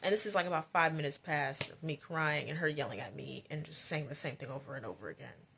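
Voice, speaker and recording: A woman's voice: low-pitched, quick pace, gravelly, a little hiss or hum. A woman vlogger telling a childhood story in a casual, chatty way, rambling with lots of fillers. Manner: chatty, rambling, many "like"s, grows animated.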